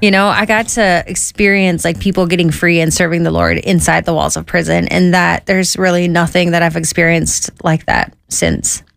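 A woman with a somewhat low voice tells her own story in a relaxed, conversational way. She slips into lively quoted voices for the people in her tale. The sound is close and dry. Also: normal speed, vocal fry, hardly any pauses, no room sound. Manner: lively, quotes herself and others in an animated voice. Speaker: guest sharing her testimony.

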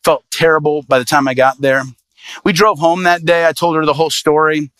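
A man, an evangelist, telling a personal story in a sermon with lively, animated delivery. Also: fairly high pitch, a little fast, no room sound. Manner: animated, lively storyteller voicing quoted people.

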